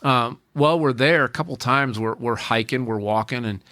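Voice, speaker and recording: A man's voice: medium pitch, moderate pace, sharp tone, no room sound. A man in his forties, a podcast guest, telling a personal story in an earnest way, often repeating and restarting his phrases.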